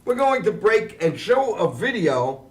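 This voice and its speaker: Male talk-show host, high and lively, chatty, heard a little off-mic. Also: distant mic. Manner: loose and chatty, quick to laugh. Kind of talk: casual chat.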